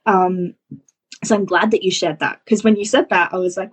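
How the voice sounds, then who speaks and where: A woman's voice: mid-range voice, brisk, breathy edge. A woman hosting a podcast, talking enthusiastically and affirming her guest, with many fillers like "you know". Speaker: podcast host, business coach. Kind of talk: casual podcast conversation.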